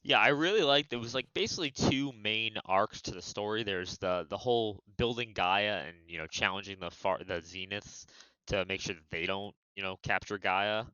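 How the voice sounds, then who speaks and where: A man's voice: fairly low pitch, normal speed, pushed and bright, clear, resonant tone, dry recording. A man talking as a podcast guest in casual chat, eager, with lots of "you know" fillers. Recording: dull, dry lo-fi audio.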